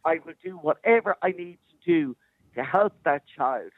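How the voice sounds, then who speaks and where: A woman's voice: low-pitched, lively intonation, normal speed, no room sound. A woman calling in to a radio show, a special needs assistant speaking passionately and insistently. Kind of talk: phoned-in radio debate. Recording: tinny phone line.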